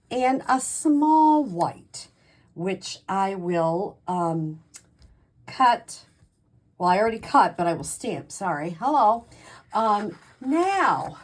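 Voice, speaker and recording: Chatty woman demonstrating a paper craft. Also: mid-range voice. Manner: chatty, with frequent ums and self-corrections. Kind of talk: casual craft tutorial.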